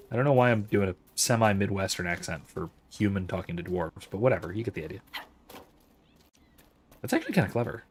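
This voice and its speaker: Low-ish male let's-play host, musing chat-reader who thinks out loud. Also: big pitch swings, fast. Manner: musing, thinks aloud with frequent restarts. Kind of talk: livestream commentary while gaming, reading out chat.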